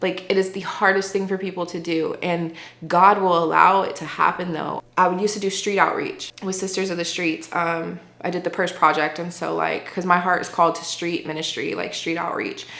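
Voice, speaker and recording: A woman's voice: fairly low pitch, flat delivery, normal speed, vocal fry, sharp tone, echoey room. A woman giving an earnest, conversational faith testimony as an interview guest, often saying "like". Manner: earnest, conversational, heavy use of "like".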